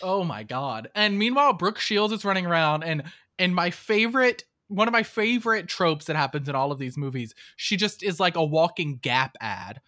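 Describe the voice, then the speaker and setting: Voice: mid-range voice, expressive, normal speed, few pauses, pushed and bright, no echo, clean studio sound. A podcast co-host in a casual chat, mocking a movie with sarcastic asides and exasperated acted-out reactions.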